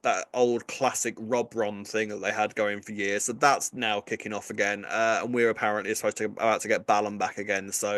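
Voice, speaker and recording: A man's voice: fairly low pitch, fairly bright tone, no room sound. A man co-hosting a soap podcast, talking casually with lots of fillers and asides. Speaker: podcast co-host. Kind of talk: casual chat about a soap.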